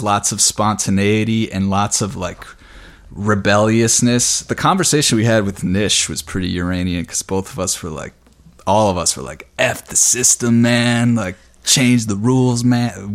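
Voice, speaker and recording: Casual, slightly breathless man astrologer. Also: on the low side. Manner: casual, excited, rambling with fillers. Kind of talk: weekly astrology forecast.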